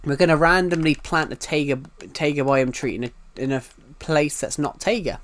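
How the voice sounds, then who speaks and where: Young british guy streaming, kinda high voice, keeps repeating what he's gonna do. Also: moderate pace, a bit bright. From United Kingdom. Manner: rambling, repeats himself, narrates each move. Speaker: game streamer. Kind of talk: live gameplay commentary.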